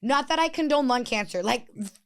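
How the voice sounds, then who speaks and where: A woman speaking as a podcast guest in candid, casual conversation, blunt and animated, swearing freely and leaning on "like" fillers. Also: sits high, brisk, clean tone.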